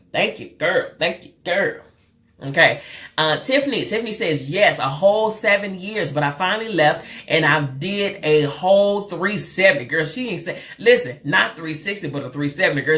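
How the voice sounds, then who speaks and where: A woman hosting a casual live stream, talking to viewers in a lively, chatty way and calling them girl and honey, with big swings in pitch. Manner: loud, expressive swings in pitch. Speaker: live show host and therapist.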